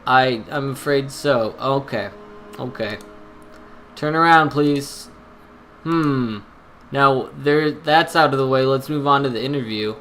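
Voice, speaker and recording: A man voicing a formal, stern male chief inspector in a video game, measured and officious. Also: medium pitch, pushed and bright, slight background noise. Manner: measured, officious, slow delivery.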